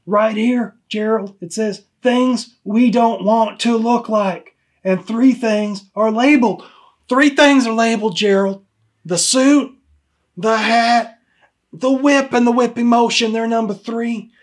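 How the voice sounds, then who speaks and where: A man's voice: very high voice, steady tone, takes it slowly. Male actor as an exasperated HR supervisor; dry, pointed, comedy sketch. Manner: dry, pointed, repeats the name.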